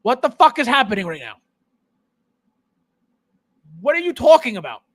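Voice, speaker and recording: A man's voice: very high-pitched, huge pitch swings, normal speed, a bit bright, no room sound. A man hosting a collector's live show, ranting heatedly and sarcastically at viewers, repeating himself in exasperation. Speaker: podcast host. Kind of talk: live stream chat with viewers.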